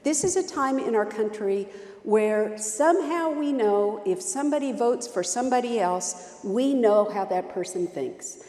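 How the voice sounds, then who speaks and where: A woman's voice: a little high, expressive, unhurried, dark tone, reverberant, long reverb tail. A woman pastor preaching a sermon, telling stories with strong emphasis and repetition.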